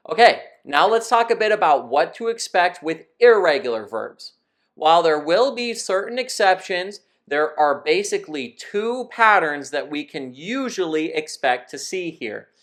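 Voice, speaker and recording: A man teaching Spanish in a scripted lesson, explaining verb rules in a clear, methodical way. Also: fairly high pitch, fairly bright tone.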